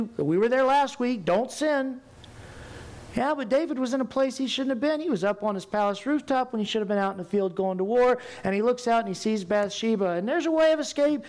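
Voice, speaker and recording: A man preaching a sermon as pastor, animated and rising to loud emphatic bursts. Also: very high-pitched.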